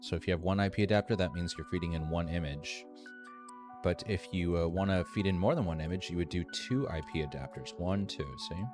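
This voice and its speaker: A man teaching a live screen-share tutorial, thinking aloud in a relaxed way with ums and restarts. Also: low-pitched, brisk. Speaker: streamer teaching AI animation. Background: faint music.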